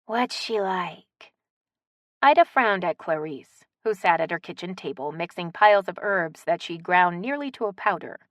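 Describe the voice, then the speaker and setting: A woman reading a romance audiobook aloud in an expressive narrating style. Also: lowish voice, normal speed, few pauses, no room sound, studio quality. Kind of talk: scripted narration.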